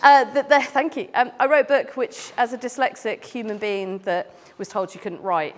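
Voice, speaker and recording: A woman's voice: medium pitch, brisk, hardly any pauses, a little hiss or hum. A British woman, a clown and speaker, chatting playfully with a live audience as she answers their questions. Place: large hall at a live event. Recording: long hall reverb.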